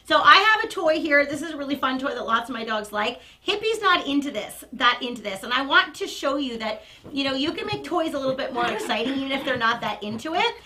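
A woman dog trainer demonstrating toy play on a live stream, chatty and animated, breaking into excited praise for the dog. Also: sits high, brisk, slight background noise, rough recording.

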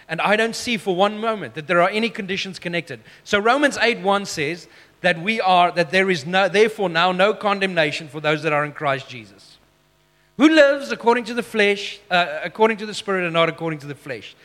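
A man preaching a sermon as pastor, emphatic, slowing down for key phrases, with self-deprecating asides. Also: high voice, a bit bright, long reverb tail.

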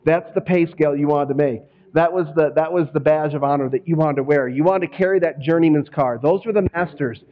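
A man's voice: fairly high pitch, lo-fi sound. Man preaching a chatty sermon. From Northwest Indiana. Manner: conversational, acts out quoted voices. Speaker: pastor.

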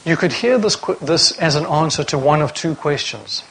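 A man's voice: fairly high pitch, lively intonation, moderate pace, creaky, a bit bright, slightly rough, low-quality recording. A man preaching a sermon to a congregation, reading scripture aloud and asking rhetorical questions.

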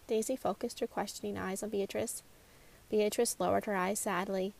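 A woman reading her own short mystery story aloud, in a measured, expressive narration. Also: mid-range voice, gravelly.

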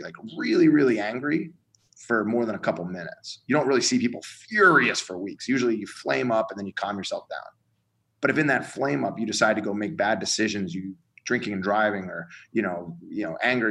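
A man's voice: fairly low pitch, gravelly, fairly bright tone, low-quality recording. A man, a college strength coach, explaining his ideas in a casual podcast conversation, earnest and acting out examples as he goes.

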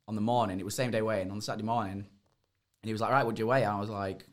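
Young man, low voice, rambling storyteller, swears freely. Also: steady tone, racing. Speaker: podcast guest, MMA fighter. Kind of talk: casual chat.

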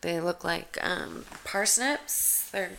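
A woman's voice: fairly low pitch, slow pace, gravelly, bright, forceful tone. A woman giving casual reaction commentary while watching a show, sarcastic and profane, with rambling asides.

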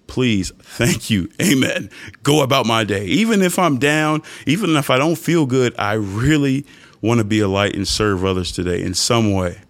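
Delivering a faith-based motivational talk on his podcast, the young male host sounds earnest and preachy, often switching to high mock voices for emphasis. His intonation is lively and his pace moderate.

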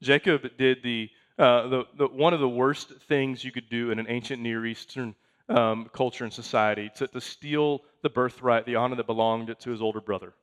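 A man's voice: mid-range voice, fairly even intonation, moderate pace. A man in his thirties, a pastor preaching a sermon in a conversational way, reading scripture aloud and making asides to the congregation.

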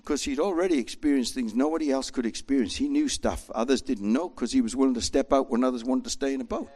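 A man preaching a sermon with an animated manner, acting out voices as he tells the story. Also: medium pitch, quick pace, husky. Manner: animated, acts out voices in quotes.

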